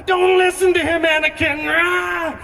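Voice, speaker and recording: A man's voice: extremely high pitch, level tone, unhurried, gravelly, pushed and bright, faint music behind, voice pushed up, full character voice. A man voicing a scheming old evil male emperor, hissing and shrieking his lines in a stand-up bit, recorded from a distance on stage. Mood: villainous. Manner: hissing, shrieking villain outbursts.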